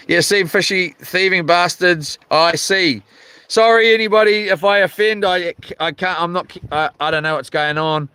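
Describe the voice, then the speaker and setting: Fishing outdoors by the sea, a New Zealand man chats on a live stream and reads viewer comments aloud, rambling with plenty of fillers and restarts. His voice is fairly high, smooth and sharp in tone, at a measured pace.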